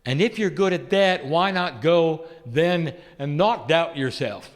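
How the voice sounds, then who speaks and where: A man channeling an ancient loving spirit entity that addresses listeners tenderly, asking rhetorical questions and chuckling softly. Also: on the high side, unhurried, natural voice. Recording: long hall reverb.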